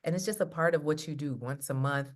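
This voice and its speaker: This love coach speaks fast in a low-pitched voice during a casual video call. She's an animated storyteller who acts out the quotes.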